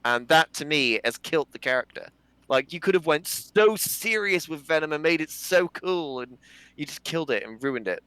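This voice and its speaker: Bright-voiced man ranting on a podcast. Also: on the high side, lively intonation, moderate pace, smooth, dry recording. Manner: exasperated, dramatic ranting. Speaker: podcast host. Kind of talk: casual chat.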